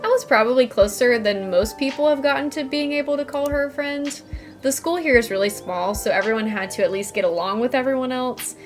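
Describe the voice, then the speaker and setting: A woman's voice: high-pitched, brisk, soft background music, pitched above the performer's own voice, natural voice. A woman playing a wry, dry-humored townswoman in a game. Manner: dry, teasing. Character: wry woman, town local with a dog.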